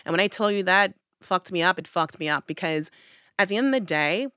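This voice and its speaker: A woman telling a personal story in casual conversation, acting out her own past lines with lively emphasis. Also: lowish voice, brisk, clean tone, no room sound, clean studio sound.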